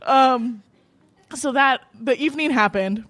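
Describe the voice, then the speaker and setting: A woman's voice: sits high, a little slow, no room sound. Laughing, cursing woman telling a story. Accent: American. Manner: laughing often, profane, animated. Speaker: storytelling open mic host. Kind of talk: live personal storytelling. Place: live at a cafe open mic.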